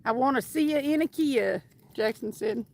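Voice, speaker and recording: Woman, high-pitched, upbeat livestream host, chats and reads comments while fishing outdoors. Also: normal speed, vocal fry, a little mellow. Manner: upbeat and chatty, whoops now and then. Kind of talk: casual livestream chat, reading viewer comments aloud.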